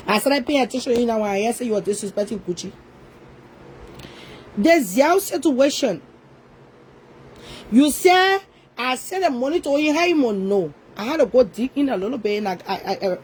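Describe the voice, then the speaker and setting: A woman's voice: fairly high pitch, expressive, fast, a little mellow, a little hiss or hum, low-quality recording. A woman ranting as an online commentator, scolding and confrontational, repeating her points to hammer them home. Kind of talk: ranting social media commentary.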